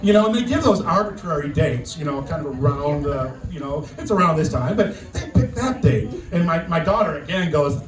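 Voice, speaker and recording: An older man giving a memorial speech as guest speaker, telling a personal story in a halting way, often repeating words. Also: a little high, animated, soft background music. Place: outdoor memorial gathering. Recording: distant echoey sound with faint noise.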